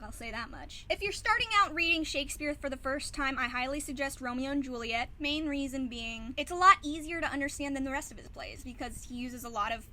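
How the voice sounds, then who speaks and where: Young woman vlogger, high and bright-toned, delivering a blunt, sarcastic opinion rant. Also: slight background noise, rough recording. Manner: blunt and sarcastic, with sighs and asides.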